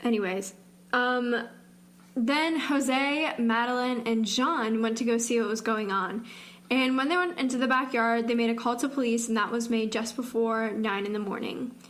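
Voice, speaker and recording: Rambling young woman, higher voice. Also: normal speed, fairly bright tone. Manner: rambling, fills speech with "like". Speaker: podcast co-host. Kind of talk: casual true-crime chat.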